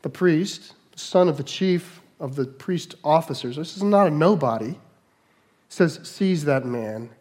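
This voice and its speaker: A male pastor delivering a sermon with animated energy. He drops into quiet, conversational asides and then rises into emphatic, raised lines. His voice sits a little higher than most men's. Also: unhurried, husky.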